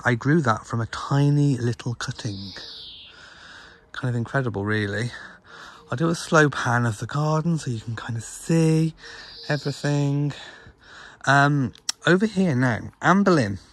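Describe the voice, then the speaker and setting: A relaxed, chatty man filming a casual vlog in his garden. His voice has a slight husky grain and sits at an ordinary middle pitch, and he speaks gently, as if talking to friends. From Britain. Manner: chatty and gentle, talks to his cat and camera. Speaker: vlogger. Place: home garden and greenhouse.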